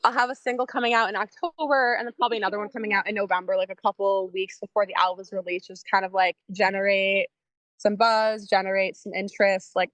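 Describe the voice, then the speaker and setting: Bright-voiced woman telling a rambling story. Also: medium pitch, level tone, quick pace, no echo. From Michigan. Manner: rambling storytelling with lots of fillers and laughter; acts out quoted lines in a raised voice. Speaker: guest musician. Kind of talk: casual interview chat.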